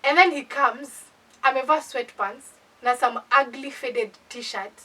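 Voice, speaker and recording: A young woman with a Kenyan accent telling a casual storytime, animated and indignant. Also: sits high, unhurried, breathy edge. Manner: animated, indignant, code-switching. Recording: voice distant from the mic.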